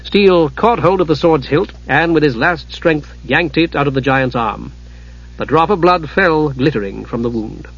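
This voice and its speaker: A man narrating a fantasy audiobook in a steady, dramatic storytelling manner. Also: a little high, moderate pace. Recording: dull lo-fi audiobook recording.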